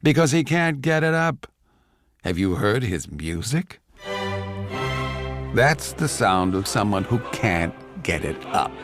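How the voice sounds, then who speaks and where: A man's voice: fairly low pitch, big pitch swings, slow, pauses often, over music, full character voice. A man voicing a crude, petulant young composer with a foul-mouthed, boastful manner. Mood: crowing.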